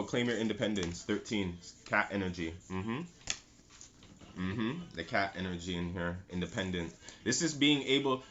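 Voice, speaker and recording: A man's voice: medium pitch, a bit bright. A man giving a casual tarot reading, talking loosely and repeating himself, with lots of "right?" and some swearing. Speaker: tarot reader. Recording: slightly dull sound with faint music.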